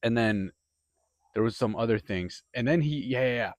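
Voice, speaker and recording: A man's voice: mid-range voice, normal speed, no echo. A young man rambling through a profane, casual monologue, full of filler words and restarts. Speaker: podcaster.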